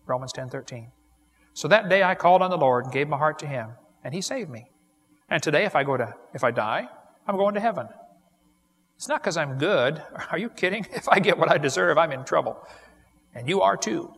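Man, evangelist, sermon, higher-pitched, animated, earnest. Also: brisk, gravelly, husky. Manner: animated storyteller who laughs at his own jokes; earnest direct appeal to the listener.

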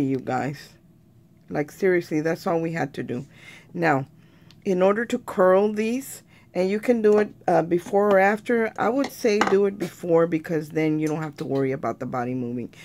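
A woman's voice: fairly low pitch, vocal fry, a little mellow. A woman talking viewers through a craft tutorial in a chatty way, often calling them "you guys".

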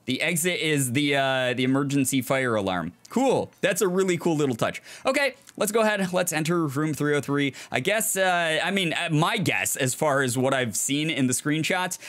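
Chatty man with a lively pitch. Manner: chatty, jokey, reacts aloud and chuckles often. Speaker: let's play host. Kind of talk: casual gameplay commentary.

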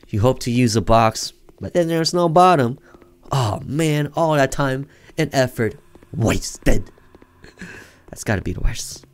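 A man giving let's-play commentary on a horror game, with joking, deadpan sarcastic asides. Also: mid-range voice, clear, resonant tone, no echo. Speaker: gaming video creator.

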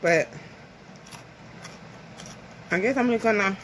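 A woman's voice: mid-range voice, slow, slight background noise. A woman from the American South chatting casually to camera over lunch at home, rambling and nervous. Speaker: vlogger. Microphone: phone camera.

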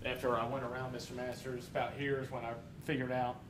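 A man's voice: medium pitch, level tone, fast, background noise. A man, a police detective, testifying in court, answering deferentially with "yes, sir.".

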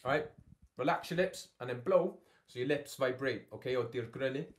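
A beatbox tutor teaches a workshop from his home studio, speaking at a medium pitch and a normal speed. He repeatedly checks in with his learners using "yeah?" and "okay?".

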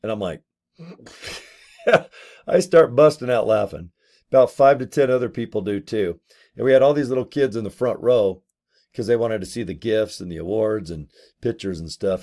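A man's voice: lowish voice, brisk. A middle-aged man talking to camera in a casual, rambling monologue, joking and swearing as he tells stories. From Iowa and Santa Barbara. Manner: joking, animated storytelling with crude humor. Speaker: network marketing promoter.

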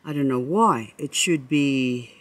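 A woman vlogging among her succulent shelves on a handheld camera, chatty and excitable, rambling and talking to her plants. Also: extremely low pitch, slow pace, no echo. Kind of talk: casual plant-tour vlog. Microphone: handheld camera she moves around.

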